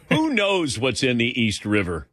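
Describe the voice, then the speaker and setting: A man's voice: mid-range voice, huge pitch swings, measured pace, a crowd in the background. A man in his sixties hosting a call-in sports radio show, chatty and laughing often. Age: 60s.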